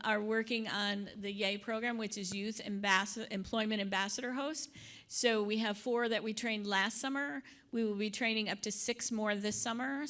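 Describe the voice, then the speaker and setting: An older woman leads a conference workshop in a chatty, easygoing way. She tosses in joking asides and trips over a word now and then. Her pitch sits at a middling height. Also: fairly bright tone. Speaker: workshop presenter.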